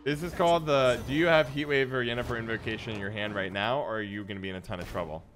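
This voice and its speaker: A man's voice: mid-range voice, quick pace, a bit bright, a little hiss or hum. A man streaming a card game, chatting playfully with his viewers and answering chat as he plays. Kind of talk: casual live-stream gameplay commentary.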